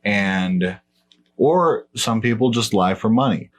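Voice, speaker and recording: Blunt, swearing man with a low voice. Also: animated, slow. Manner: blunt, profane, dismissive. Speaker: podcast host. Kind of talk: casual debate chat.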